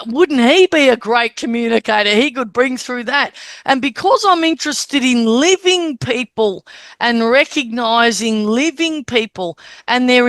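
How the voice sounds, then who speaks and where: An Australian woman with a fairly high voice teaches a group on a call. She tells lively stories and acts out what people said. The sound is dry and close. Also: no echo. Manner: animated storytelling, acts out quoted dialogue. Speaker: medium and teacher.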